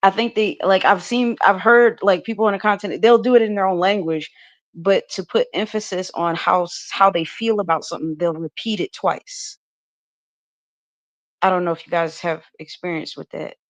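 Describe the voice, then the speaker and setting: A woman's voice: lowish voice, normal speed. Chatty woman full of fillers. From United States. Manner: rambling, many fillers and restarts, laughs often. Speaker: podcast panelist. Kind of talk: casual livestream discussion.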